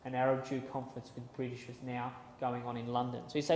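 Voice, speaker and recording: A man's voice: mid-range voice, monotone, quick pace, hardly any pauses, darkish tone. A man giving a conversational Bible talk with slides, often repeating words and restarting as he reads quotes aloud. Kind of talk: casual lecture with slides. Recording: echoey hall with long reverb.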